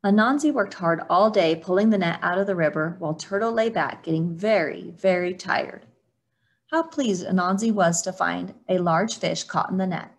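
A woman reading a children's picture book aloud for storytime, in a steady storytelling manner. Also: fairly low pitch, normal speed. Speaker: storytime reader.

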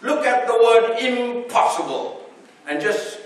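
Slow, animated preacher man in an echoey hall. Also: very high-pitched. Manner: animated preaching, swelling and dropping his voice. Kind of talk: sermon. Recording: echoey hall, voice from far off the mic.

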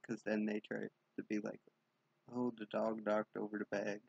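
Young man vlogger, low gravelly husky voice, dry dull lo-fi recording, rambling late-night story. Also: level tone, moderate pace, a little mellow, no echo. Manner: rambling storytelling with frequent likes and swearing. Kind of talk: casual late-night vlog. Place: dark room at home.

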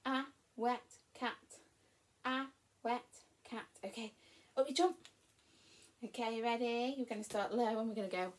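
A woman's voice: a little high, expressive, moderate pace. A woman teaching a phonics and reading lesson to young children, talking in a sing-song, encouraging way. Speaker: primary school teacher.

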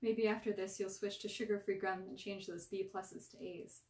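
A woman's voice: mid-range voice, flat delivery, normal speed, a little mellow, distant mic, natural voice. A woman voicing a smug preteen boy who prods and jokes at his younger brother. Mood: teasing. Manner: smug, prodding, joking. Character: cocky teasing preteen boy, the older brother.

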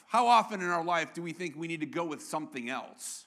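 Male pastor, high bright voice, playful preaching that draws the congregation in. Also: animated, fairly quick. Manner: playful, engages congregation with questions. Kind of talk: sermon. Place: church.

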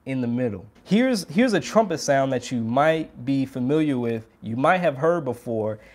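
A man gives a casual, hands-on trumpet lesson, speaking directly to viewers in an upbeat way. His medium-pitched, darkish voice is animated at a normal pace, and he demonstrates by putting on strained voices.

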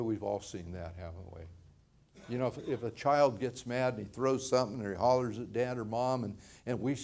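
A man's voice: medium pitch, darkish tone. An older man, a pastor, preaching a sermon in a conversational way, often repeating words and laughing lightly.

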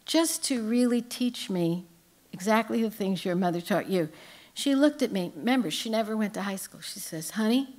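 An older woman tells humorous stories from her life with lively, anecdotal timing. She speaks as a guest author at a live book event. Her voice sits at an ordinary middle pitch. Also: normal speed. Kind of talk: storytelling on stage.

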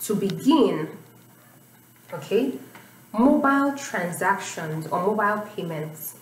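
A woman's voice: medium pitch, lively intonation, slow. A woman teaching an IELTS writing lesson, patiently explaining and checking in with "you know" and "okay?". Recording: echoey room, voice a bit far from the mic.

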